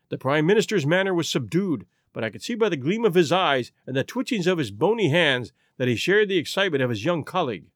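A male narrator tells the story in a steady, even-paced way, with a fairly high, lively pitch. The recording is close and dry, with no room sound. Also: fast, few pauses, dry recording. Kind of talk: scripted narration.

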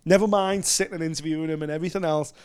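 An excitable man chatting as co-host of a fight-sports show. His voice sits a little high for a man, and he gushes with praise as he talks. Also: clean tone. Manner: gushing, excitable, quick to praise. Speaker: podcast co-host. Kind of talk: casual sports chat.

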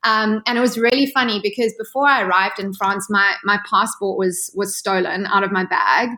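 A woman in her thirties from South Africa tells stories at an everyday pitch in a casual interview. She talks in a lively, chatty way and fills her sentences with casual fillers. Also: normal speed. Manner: animated, chatty, heavy use of filler words. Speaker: yacht stewardess guest.

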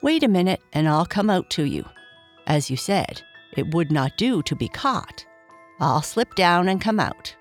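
A woman's voice: fairly low pitch, big pitch swings, unhurried, faint music behind. A woman voicing a sweet, chatty little female sawdust doll in a storybook reading, cheerful and eager.

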